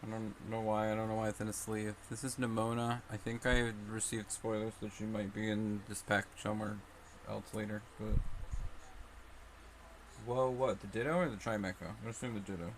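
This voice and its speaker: A young man mutters anxiously to himself as he sorts trading cards during a casual live stream. He speaks a little fast in a lowish, flat voice, and there's slight hiss or hum.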